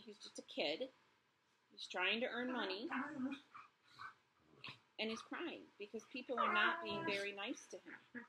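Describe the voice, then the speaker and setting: A woman teacher reading a chapter book aloud to her students, gently pausing to ask questions and reflect. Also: medium pitch, background noise.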